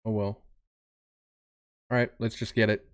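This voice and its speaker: A man's voice: on the low side, little pitch movement, unhurried, clear, resonant tone. A young man chatting casually with his live-stream audience, greeting viewers and rambling about his day. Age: young adult. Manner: laid-back, rambling, greets chat by name. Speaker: streamer reacting to videos.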